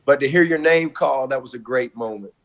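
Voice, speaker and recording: Over a video call, a middle-aged college football coach speaks fairly quickly at medium pitch. He comes across as heartfelt, warm and folksy, effusive and prone to repeating himself.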